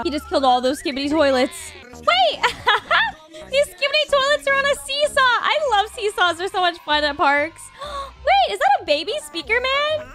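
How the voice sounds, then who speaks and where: A woman hosting a reaction video, gasping and exclaiming emotionally as she comments on animations. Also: very high-pitched. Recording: music playing clearly underneath.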